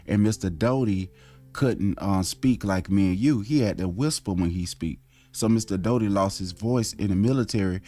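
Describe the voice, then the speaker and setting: A man's voice: lowish voice, mellow. A man from Florida with a Southern US accent, teaching religion in a rambling, conversational way and calling his listeners family. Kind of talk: casual online teaching.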